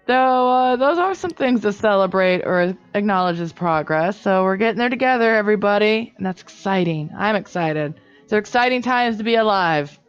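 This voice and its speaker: A woman's voice: mid-range voice, expressive, normal speed, clear, resonant tone, faint music behind. A young adult woman co-hosting a podcast, talking earnestly and rambling a little in casual chat. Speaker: podcast co-host. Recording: slightly dull lo-fi audio.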